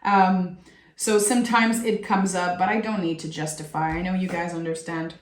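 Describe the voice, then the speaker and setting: A woman's voice: on the low side, steady tone, moderate pace, echoey room. A woman with a French accent, a native French speaker, giving a soulful tarot reading in a reflective, giggly way with many restarts. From France. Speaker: tarot reader.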